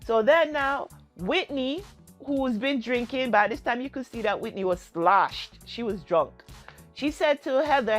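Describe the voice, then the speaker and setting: A woman's voice: high voice, lively intonation, moderate pace, soft background music. A woman casually retelling a reality TV episode, acting out the quoted lines with lots of fillers. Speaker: TV recap vlogger.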